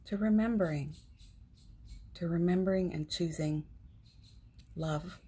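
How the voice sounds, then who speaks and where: A woman hosting a morning live stream, chatting gently and affectionately with viewers, greeting them by name and laughing often. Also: fairly low pitch, normal speed, husky. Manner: laughs often, speaks softly. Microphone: phone.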